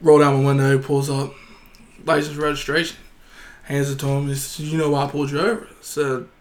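A man on a casual chat show, rambling through a story and quoting everyone in it. His voice sits a bit high for a man, and his talk is loose, profane and full of restarts. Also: little pitch movement, brisk. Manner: rambling anecdote teller, quoting others, swears freely. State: gets heated and shouts when indignant.

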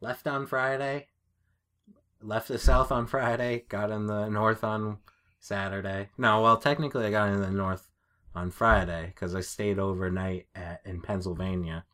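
A man's voice: on the low side, steady tone, a bit bright. A man from New England co-hosting a casual podcast, telling stories and laughing easily. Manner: laughing, storytelling, quick quips. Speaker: podcast co-host.

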